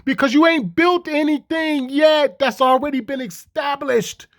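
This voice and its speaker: A man with a high voice rants in heated, profane commentary. He mocks his targets with one rhetorical question after another. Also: measured pace, fairly bright tone. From Chicago. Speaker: commentator reacting to clips.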